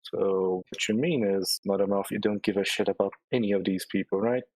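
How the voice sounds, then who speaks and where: Low-voiced player with dry sound. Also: male voice, fairly even intonation, brisk, a little mellow, no room sound, low-quality recording. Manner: laughing, scheming banter. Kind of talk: tabletop role-play chat.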